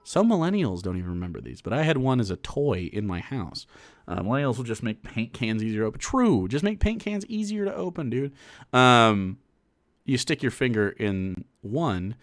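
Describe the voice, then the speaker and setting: A man's voice: on the low side, expressive, normal speed. A man streaming political commentary, talking casually with rambling restarts, fillers and swearing. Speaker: streamer reacting to a clip.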